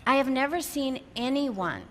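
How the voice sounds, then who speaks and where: Woman, 50s, motivational keynote speaker, vivid storyteller with a crisp, bright tone, recorded in a reverberant hall with faint noise. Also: sits high, a little slow. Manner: animated storyteller who acts out quoted dialogue. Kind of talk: storytelling keynote talk to a live audience. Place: large hall with an audience.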